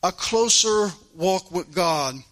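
A man with a drawl preaches with passion, his voice sitting high for a man. His tone is bright and cutting, and he swings from hard, loud exhortation to soft, pleading hushes. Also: lively intonation, takes it slowly. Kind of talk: fiery sermon.

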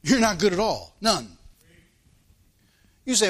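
High-voiced preacher delivering an emphatic sermon. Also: male voice, big pitch swings, moderate pace, long pauses, a bit bright. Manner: emphatic, rhetorical questions, repeats phrases.

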